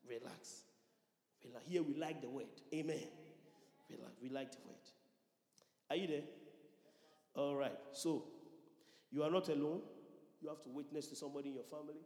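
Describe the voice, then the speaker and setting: Male pastor, fairly high voice, call-and-response sermon delivery, roomy hall sound. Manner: repeats lines for emphasis and calls out to the congregation. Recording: echoey church hall reverb.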